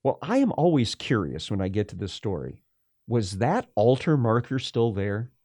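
A man preaching a verse-by-verse Bible sermon, explaining slowly and deliberately with frequent pauses and fillers. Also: on the low side, big pitch swings, warm tone, no echo, studio quality.

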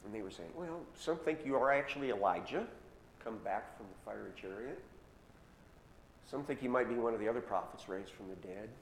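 Guy preaching, casual storytelling, slows down on the big lines, lots of hall echo. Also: fairly low pitch, expressive. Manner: retells scripture in casual modern words, slowing for emphasis. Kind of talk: sermon storytelling. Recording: echoey hall with long reverb, faint noise.

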